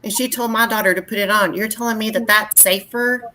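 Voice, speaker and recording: A woman, co-hosting a podcast and telling stories in an indignant, animated way. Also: medium pitch, fairly quick, a little hiss or hum. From West Texas. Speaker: podcast co-host. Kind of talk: casual chat.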